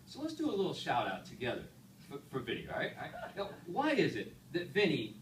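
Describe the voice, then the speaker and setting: A man's voice: medium pitch, wildly swooping pitch, brisk. A man giving a humorous storytelling speech to an audience, chatty and checking in with his listeners. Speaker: Toastmasters speaker. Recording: echoey room, far mic, background noise.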